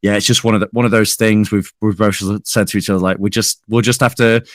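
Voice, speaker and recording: A young man chatting as a podcast guest, easygoing and halting, often restarting his sentences. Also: lowish voice, steady tone, dry recording, clean studio sound. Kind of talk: casual chat.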